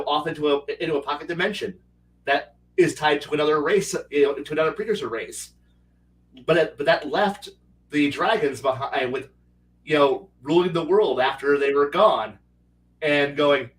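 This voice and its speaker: A man's voice: on the high side, distant mic, slight background noise, poor audio. Rambling man a bit off-mic. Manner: rambling, many restarts, acts out players' lines. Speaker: game master. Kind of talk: casual podcast chat.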